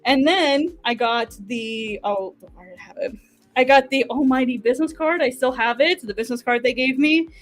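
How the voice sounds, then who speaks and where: An American woman, a manga artist, telling a story in a casual interview, animated and full of "like"s, laughing often. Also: high-pitched, moderate pace. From United States.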